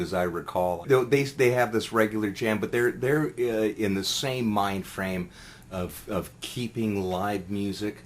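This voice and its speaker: Middle-aged musician guest, low voice, loose and rambling, faint background hiss. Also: male voice. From Canada. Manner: rambling, many fillers and restarts. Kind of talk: casual interview chat.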